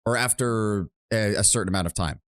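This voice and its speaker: Low-voiced man rambling through game commentary. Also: fairly quick, a bit bright. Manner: rambling, profane, self-mocking. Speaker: streamer.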